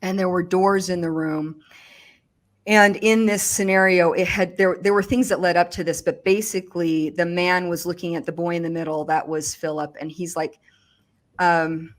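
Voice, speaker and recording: A woman recounting a personal experience in conversation, speaking haltingly with frequent restarts and fillers. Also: fairly low pitch, steady tone. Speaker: survivor giving testimony.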